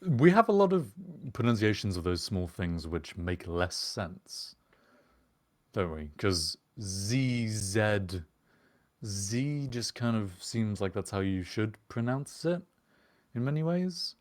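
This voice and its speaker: A man's voice: fairly low pitch, big pitch swings, slow, darkish tone. A man co-hosting a casual chat and narrating a role-play as game master, teasing in a dry, wry way.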